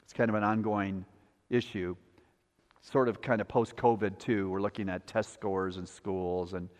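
A male pastor preaching a sermon with a repetitive cadence, building up and then dropping to a quiet, low delivery. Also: fairly even intonation, moderate pace. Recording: long hall reverb.

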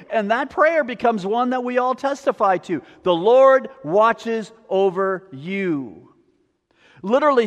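A pastor from Wisconsin preaching a sermon to his congregation, lively and rising to near-shouts on the prayers. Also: high voice, long reverb tail.

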